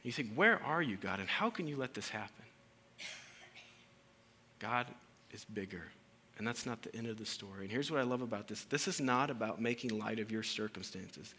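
A man preaching a conversational sermon as pastor, rising to loud emphasis and dropping to hushed lows. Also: slight background noise. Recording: hall reverb with faint room ambience.

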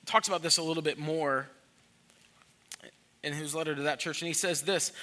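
A man's voice: a little high, steady tone, moderate pace, long pauses, bright, forceful tone. A man preaching a sermon to a church congregation, speaking earnestly and with emphasis, often repeating words as he restarts a thought. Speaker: pastor.

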